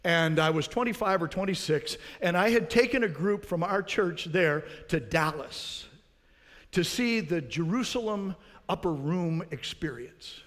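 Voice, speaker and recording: A man's voice: sits high, a little slow, a bit bright, big-room sound. A man preaching a sermon as pastor, earnest, putting rhetorical questions to his congregation.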